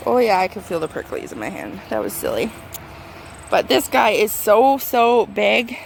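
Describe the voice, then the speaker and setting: A woman giving a casual tour of her vegetable garden, chatty and excitable, talking to her plants, her voice turning squeaky at times. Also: vocal fry. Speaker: gardening vlogger. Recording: faint outdoor background noise.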